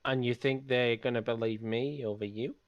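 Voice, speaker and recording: Measured man tabletop player. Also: mid-range voice, fairly even intonation, dry recording, lo-fi sound. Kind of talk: tabletop game play, in character.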